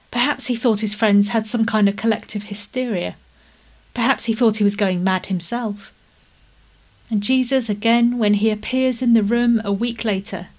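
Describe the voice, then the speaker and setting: Brief: soft-spoken woman preacher, mid-range voice, calm and unhurried. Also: medium pitch. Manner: gentle, measured, slowing into soft prayer. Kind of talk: sermon.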